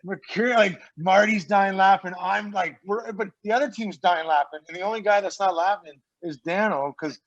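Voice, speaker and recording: A man's voice: high voice, moderate pace, few pauses. Rambling, swearing man on a dull lo-fi recording. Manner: rambling, swears freely, acts out quotes. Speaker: guest, former pro hockey player. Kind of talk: casual podcast storytelling. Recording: dull lo-fi sound.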